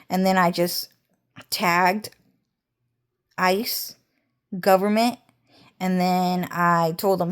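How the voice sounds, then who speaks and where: Woman vlogger, slow pace, lowish voice, rambling, swears a lot, casual storytelling. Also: steady tone, clean tone. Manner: rambling, profane, frequent "so anyways" and "um".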